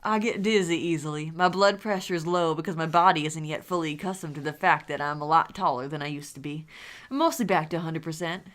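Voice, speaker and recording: Brief: woman reads a gentle, polite young man, low voice. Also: fast talker, few pauses. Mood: pleasant. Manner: polite, pleasant.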